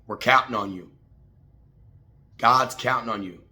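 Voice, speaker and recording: A man's voice: medium pitch, a little slow, pushed and bright. A man hosting a casual morning motivational talk, swearing freely and preaching to his listeners, calling them man and baby. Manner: profane, fired-up, preachy. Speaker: host.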